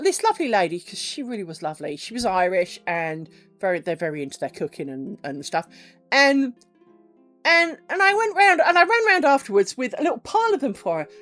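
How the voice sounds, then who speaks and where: A middle-aged woman chats with her stream viewers while crafting, swearing freely and acting out little back-and-forth dialogues. Her voice sits a little high and swings widely in pitch. Faint music plays under her. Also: fairly bright tone. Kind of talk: casual chat with live viewers while crafting.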